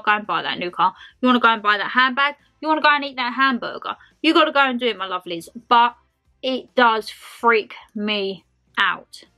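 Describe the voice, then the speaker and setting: A woman's voice: on the high side, pushed and bright. A woman in her twenties doing a casual, rambling Q&A vlog to camera, calling her viewers her lovelies. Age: 20s. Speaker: lifestyle vlogger.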